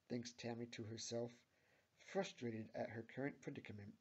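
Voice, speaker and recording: A man giving a deadpan, mock-serious amateur reading of a fan fiction story. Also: mid-range voice, moderate pace, breathy edge, dull audio.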